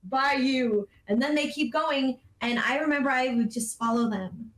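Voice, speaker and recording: A woman's voice: high voice, moderate pace, fairly bright tone. A woman guest in a casual video call chat, telling a story with giggles and acted-out reactions. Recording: roomy echo.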